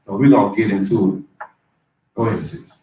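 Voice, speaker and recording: A man's voice: fairly low pitch, fairly even intonation, a little fast, mellow. A man hosting a live scripture class, talking casually and checking that listeners follow along. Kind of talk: live online class talk. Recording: roomy echo, distant mic, faint noise.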